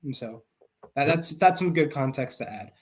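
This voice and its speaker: A man co-hosting a casual sports podcast, joking and quick to poke fun at himself. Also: mid-range voice, expressive. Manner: joking, self-deprecating. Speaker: podcast co-host.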